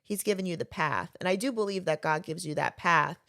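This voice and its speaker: A woman with a low, gravelly voice hosts a casual podcast. She speaks earnestly and addresses the viewers directly. The sound is dry and close. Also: a little fast, fairly bright tone, dry recording. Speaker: podcast host.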